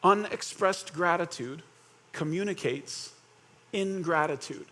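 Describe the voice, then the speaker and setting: A man with a notably high voice preaches a sermon. He keeps it conversational, asking the congregation questions and acting out little scenes with quoted voices. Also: takes it slowly, bright, forceful tone. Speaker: pastor.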